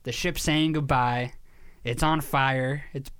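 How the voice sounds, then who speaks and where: A man's voice: mid-range voice, steady tone, takes it slowly, fairly bright tone, clear, resonant tone. A man chatting casually as a podcast co-host, telling a story emphatically, swearing and often restarting his sentences. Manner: repeats words and restarts sentences. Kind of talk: casual chat.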